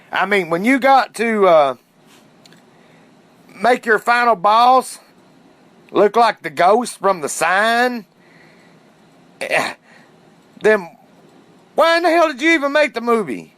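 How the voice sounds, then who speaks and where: Male podcast host, fairly high voice, indignant ranter, dry close sound. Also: fairly bright tone, no echo. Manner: indignant, fired-up ranting with cursing. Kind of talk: casual ranting monologue.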